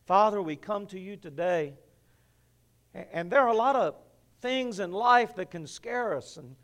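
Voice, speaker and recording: A male pastor preaching a sermon, telling a story in an animated, playful way. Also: high voice, measured pace.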